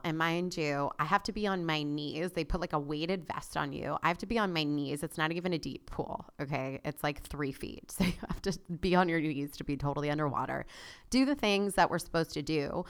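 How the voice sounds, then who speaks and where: Chatty low-voiced woman telling a story. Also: clean tone. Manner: chatty, animated, frequent "like" and "okay?" asides. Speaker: podcast host. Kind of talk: casual solo podcast storytelling.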